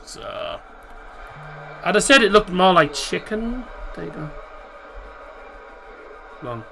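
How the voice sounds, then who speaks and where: A man's voice: high voice, big pitch swings, takes it slowly, gravelly, pushed and bright, faint music behind. A man hosting a live football watchalong stream, chatting casually and rambling to his viewers as he comments on the match.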